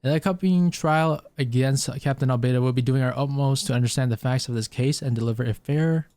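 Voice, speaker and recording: A man's voice: medium pitch, quick pace, darkish tone, dry recording, close to an everyday voice. A man reading the lines of a composed female knight leader aloud in his own plain voice. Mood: formal. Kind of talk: reading game dialogue aloud.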